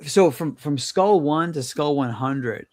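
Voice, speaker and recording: A man's voice: fairly high pitch, a little mellow, dry recording. Male podcast host, rambling, restarts a lot, dry close recording. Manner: rambling, halting restarts, poses questions to guests. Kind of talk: casual chat.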